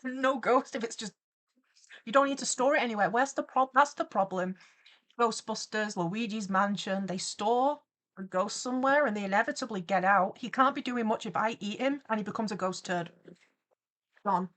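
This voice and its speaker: Woman streamer, young, mid-pitched, chatty and theatrical, mock-villain riffs. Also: normal speed, fairly bright tone. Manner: playful, theatrical mock-villain rambling with frequent laughs. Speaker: streamer and animator. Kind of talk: casual livestream chat.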